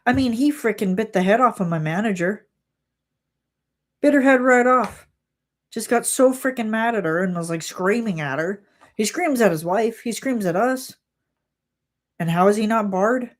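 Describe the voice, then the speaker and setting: A woman's voice: mid-range voice, normal speed. A young woman on a livestream chat, animatedly retelling an exasperating workplace story and acting out what people said. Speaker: streamer.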